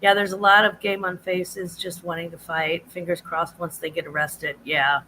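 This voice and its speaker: A chatty woman hosts a casual livestream, her voice bright and forward. She rambles from one thought to the next and greets her viewers by name in a high sing-song. A faint hum of room ambience sits under her voice. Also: moderate pace, hardly any pauses, low-quality recording. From United States. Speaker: livestream host. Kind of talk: casual live chat with viewers.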